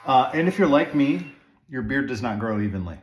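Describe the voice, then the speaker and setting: Expressive and a little fast, a man with a mid-range voice chats through trimming his own beard at home for viewers. The grooming vlogger rambles with fillers and asides, and the room sounds echoey.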